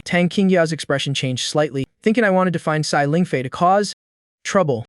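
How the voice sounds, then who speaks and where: Guy narrating a recap audiobook, calm and even, slightly high smooth voice, dead dry. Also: moderate pace, dry recording. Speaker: story narrator. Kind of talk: first-person audio story recap.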